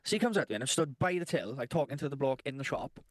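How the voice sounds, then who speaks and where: A man's voice: medium pitch, animated, very fast, no room sound, studio quality. A man in his thirties, a podcast co-host telling rambling stories in casual chat and swearing constantly.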